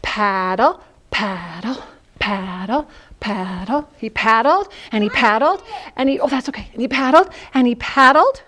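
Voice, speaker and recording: A woman music teacher explaining song tales and then telling an expressive story to a group of preschool children. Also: high-pitched, a little fast. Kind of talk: instructional narration and storytelling to preschoolers.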